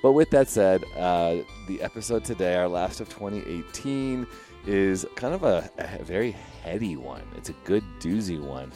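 A man's voice: low-pitched, lively intonation, normal speed, dark tone, faint music behind. A man from the Chicago area hosting a casual podcast, telling stories animatedly and laughing often. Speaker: podcast host.

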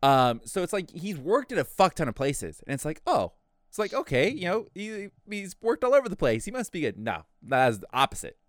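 A man's voice: fairly high pitch, moderate pace, dry recording, studio quality. A young man telling a work story in casual chat, swearing freely and acting out what others said. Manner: animated, profane, acts out quotes.

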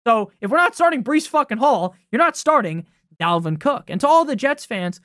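A man's voice: very high voice, sing-song, fairly quick, sharp tone, no echo, studio quality. Profane, ranting podcast host man. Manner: profane, heated, sarcastic. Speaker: fantasy football podcast host. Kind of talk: casual ranting analysis.

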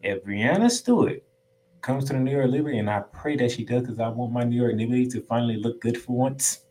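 A man hosting his own sports podcast, recapping games in a solo monologue with an emphatic, excitable, casual slangy delivery and free swearing. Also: mid-range voice, a little fast, slight background noise, low-quality recording.

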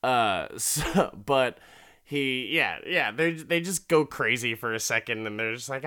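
A man's voice: medium pitch, unhurried, fairly bright tone, clean tone. A man rambling through a casual recap of a TV episode, swearing freely and laughing often.

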